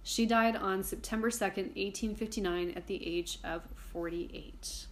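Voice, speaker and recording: A woman's voice: medium pitch, steady tone, unhurried. A woman hosting a casual history podcast, chatty and irreverent, swearing casually while reading from her notes. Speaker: podcast host.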